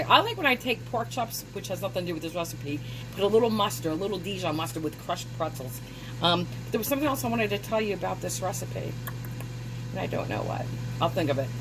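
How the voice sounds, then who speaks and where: A woman vlogging casually to camera from her home kitchen, chatting and rambling to her viewers as she shows a cooking demo. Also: lowish voice. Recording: steady background noise.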